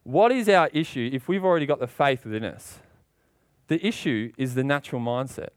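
A man's voice: expressive, brisk, smooth. A man preaching a sermon with passion, asking rhetorical questions and getting worked up as he goes. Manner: impassioned, rising in pitch when worked up.

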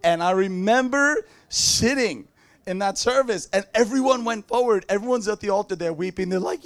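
A man preaching a sermon through funny personal stories, animated and often breaking into laughter. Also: high-pitched, moderate pace. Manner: animated, laughing storyteller who mimics people. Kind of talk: storytelling sermon.

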